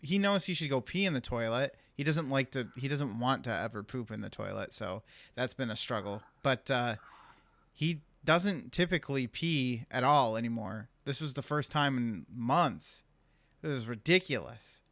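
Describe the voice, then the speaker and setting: A man's voice: medium pitch, normal speed, fairly bright tone, no room sound. A young adult man on a casual podcast, telling a family story with frequent laughs. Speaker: podcast co-host. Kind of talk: casual chat.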